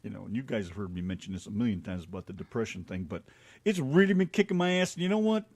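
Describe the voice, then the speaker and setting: An American man co-hosting a casual online radio show, joking and teasing with loud laughs. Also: lowish voice, expressive, fast talker, breathy edge, dry recording. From United States. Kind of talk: casual banter with co-host and chat.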